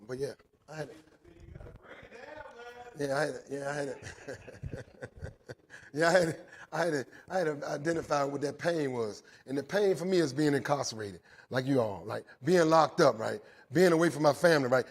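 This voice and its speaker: Husky-voiced man telling his recovery story. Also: medium pitch. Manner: tags nearly every sentence with "right?"; earnest storytelling, repeats phrases. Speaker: recovery speaker. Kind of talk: personal recovery testimony. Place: speaking live to inmates inside a jail.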